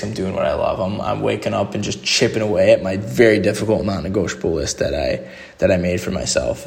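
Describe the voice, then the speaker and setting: A man's voice: lowish voice, creaky, a little mellow. A young man hosting a solo podcast, giving a rambling motivational monologue full of "like" and restarts. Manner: rambling, motivational, filler-heavy with lots of "like". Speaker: podcast host.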